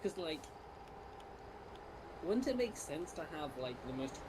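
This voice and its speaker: A man's voice: a little high, sing-song, unhurried, heavy background noise. A man chatting casually on a game stream, dry and wry, rambling through his points.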